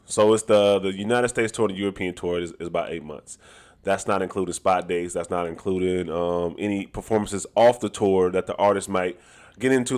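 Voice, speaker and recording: Male streamer, loud and animated, lowish voice, casual slangy chat. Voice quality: talks loud. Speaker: dancer and streamer.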